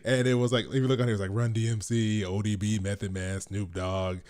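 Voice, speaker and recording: A man's voice: fairly low pitch, level tone, a little fast, darkish tone. A man in his thirties co-hosting a podcast, telling a rambling story with laughs and repeated words. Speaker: podcast co-host. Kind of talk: casual storytelling chat.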